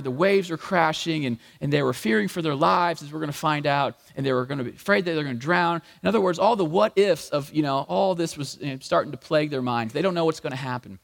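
A man preaching a sermon as pastor, animated and acting out the voices in the story. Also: fairly high pitch, creaky. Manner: animated, acts out voices in quotes. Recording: long hall reverb.

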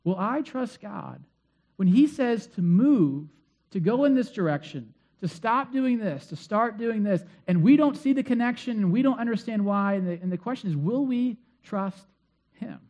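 Male pastor, high voice, chatty sermon storytelling. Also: animated, moderate pace, darkish tone. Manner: conversational storytelling with many fillers.

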